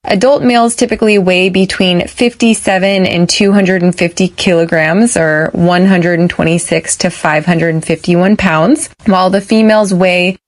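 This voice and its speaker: An American woman with a lowish, steady voice teaches English pronunciation for a podcast, in a dry recording. She speaks slowly and carefully so that learners can echo her.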